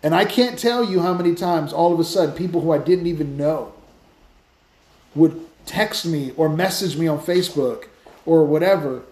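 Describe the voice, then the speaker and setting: A man hosting a Christian podcast, telling stories in a lively, casual way with many restarts. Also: on the high side, moderate pace, echoey room. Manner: animated storytelling with many restarts. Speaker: podcast host, Christian speaker. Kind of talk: casual faith talk.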